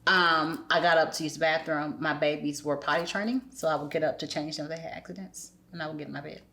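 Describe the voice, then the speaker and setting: Low-voiced woman telling her story. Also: steady tone, fast talker, pushed and bright. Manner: acts out remembered dialogue in varied voices. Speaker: podcast guest. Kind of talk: candid conversational storytelling.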